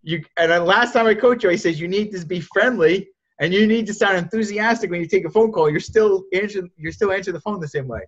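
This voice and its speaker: Direct male sales coach on a call; high-pitched, muffled low-fi sound. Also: fast talker, few pauses. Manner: blunt, direct, repeats words when he starts a thought. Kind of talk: coaching on a group video call.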